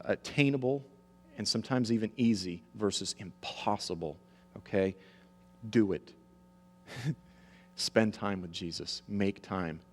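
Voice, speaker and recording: Preaching man in an echoing hall. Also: on the low side. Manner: emphatic, asks the audience for agreement. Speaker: preacher and author. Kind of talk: sermon. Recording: long hall reverb.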